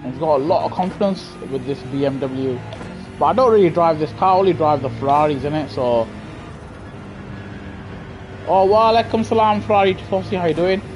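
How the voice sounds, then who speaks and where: A man's voice: fairly high pitch, brisk, long pauses, darkish tone, slight background noise. Chatty man streaming a racing game. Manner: slangy, chatty, talks to himself and chat. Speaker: gaming streamer. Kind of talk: live gameplay commentary. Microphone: gaming headset.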